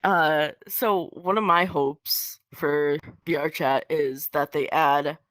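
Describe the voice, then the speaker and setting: Slow, hesitant low-voiced woman. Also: steady tone, a bit bright, no echo, studio quality. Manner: hesitant, many ums and pauses. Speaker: podcast guest. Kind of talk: casual podcast conversation.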